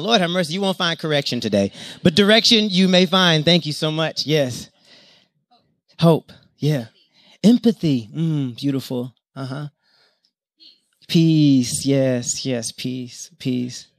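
A man's voice: fairly high pitch, slow pace, a bit bright, dry recording, clean studio sound. A man preaching an interactive sermon with call-and-response, who draws on personal stories and guides the congregation through breathing like a yoga class.

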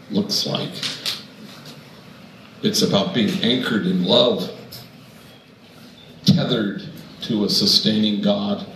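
A man's voice: low voice, fairly bright tone, roomy sound, a little hiss or hum, poor audio. A man, a priest, giving a storytelling sermon, wry at first and then earnest.

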